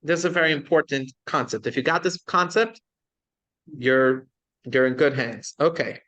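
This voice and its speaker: A man's voice: mid-range voice, moderate pace, bright, forceful tone. A man, a rabbi, teaching a class in a conversational lecture style, often checking in with his students and asking them questions.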